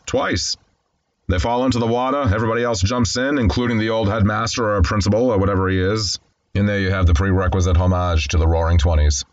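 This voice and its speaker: Deep-voiced man recapping a film. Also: no echo, dull audio. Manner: candid, conversational, with wry asides. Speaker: film commentator. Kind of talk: casual film recap commentary.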